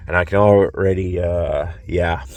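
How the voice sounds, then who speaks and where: Recorded outside on a phone, a male vlogger with a blocked nose sounds drowsy as he rambles, swearing and using lots of fillers and restarts. His voice sits low with fairly even intonation, a little slow, and there's no echo.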